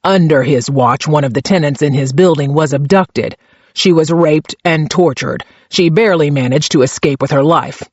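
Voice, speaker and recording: Man doing female police investigator, pleasant, measured, quietly pointed, dull studio sound. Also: a little high, close to an everyday voice.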